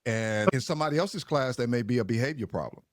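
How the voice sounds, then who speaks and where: A man's voice: medium pitch, quick pace, no echo, studio quality. Affirming man hosting an interview. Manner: reflective, affirming, laughs between points. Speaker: podcast host. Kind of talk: interview talk.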